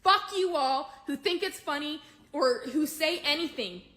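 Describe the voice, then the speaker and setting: Furious, high-pitched woman. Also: measured pace, sharp tone. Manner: furious, swearing, shaky. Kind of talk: enraged reaction video.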